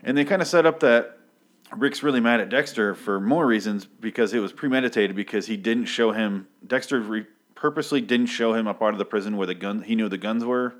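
A man's voice: on the low side, brisk. A man casually recapping a comic book issue, rambling and profane, with many filler ums and restarts.

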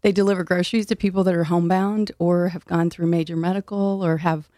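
A woman with a lowish, dark-toned voice talks fast with fairly even intonation, recorded with no echo. She's an older city food policy director from Illinois being interviewed, earnest and full of fillers, laughing easily while sounding slightly winded.

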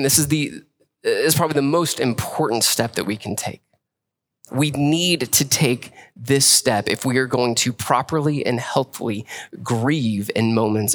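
A man preaching a sermon as a pastor, in a conversational way that keeps checking in with "right?" and acts out the voices of churchgoers. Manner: conversational preaching with frequent "right?" and repeated words; acts out voices of churchgoers in a rising, animated pitch.

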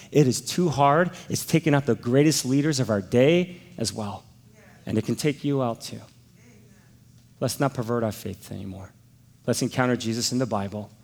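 A middle-aged man, a pastor, preaching a sermon and telling a personal story in an animated, exclamatory way. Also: medium pitch, big-room sound.

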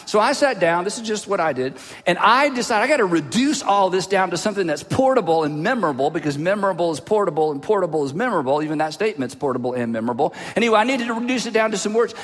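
Telling a personal story from the pulpit, a pastor preaches animatedly and fast, dropping his voice low for asides. A long hall reverb trails the sound.

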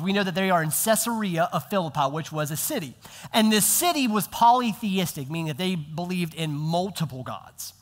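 A man preaching a conversational sermon as a pastor, acting out quoted lines in a casual, animated way. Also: high voice, in a large hall.

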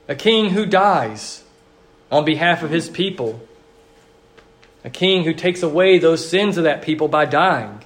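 A man pastor preaching a sermon in an earnest, repetitive liturgical cadence, slowing down on emphatic phrases. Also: sits high.

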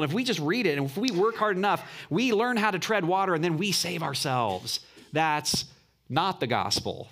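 A man preaching a sermon as a pastor, explaining earnestly and dropping low and slow for emphasis. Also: a bit bright.

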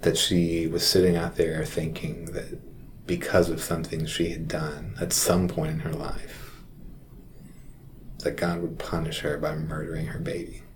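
Deep-voiced man, a chaplain telling a story. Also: monotone, background noise. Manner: reflective, halting, soft-spoken storyteller. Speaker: hospital chaplain. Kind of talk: personal storytelling.

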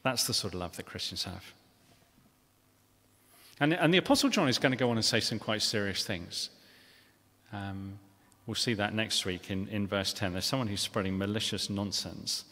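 A man's voice: fairly low pitch, normal speed, pauses often, pushed and bright. A man preaching a sermon in a church, earnest and conversational, often restarting phrases and asking the congregation questions. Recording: long reverb of a church hall.

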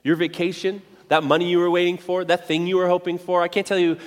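A man preaching a sermon as pastor, conversational and animated, with playful asides. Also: high voice, fast. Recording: reverberant hall.

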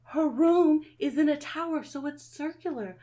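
A woman voicing a chatty, superstitious dwarf woman in a tabletop game, talking in a hushed, conspiratorial way. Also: high voice, moderate pace, voice pushed up, close to an everyday voice. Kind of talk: tabletop role-play.

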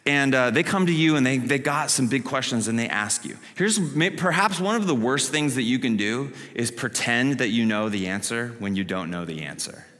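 A man preaching a sermon as a pastor, animated, acting out the story in character voices. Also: medium pitch, normal speed, few pauses. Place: church sanctuary. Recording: long hall reverb.

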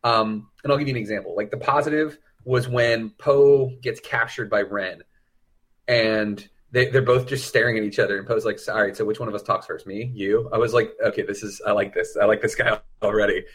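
A man's voice: on the low side, steady tone, moderate pace, slightly rough. A man co-hosting a podcast, talking casually and animatedly about a film. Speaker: podcast co-host.

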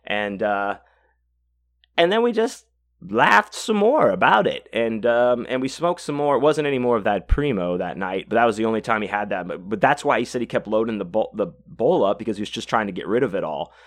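A man's voice: fairly low pitch, expressive, fairly quick. A podcast host, a man, telling a long story in a casual, rambling way, swearing freely and stopping often to restart his sentences. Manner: rambling, profane, many fillers and restarts.

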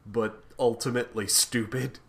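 A man's voice: medium pitch, level tone, normal speed, gravelly, a bit bright. A man co-hosting a podcast in casual chat about comics, wry and dismissive in his comments. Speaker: podcast co-host.

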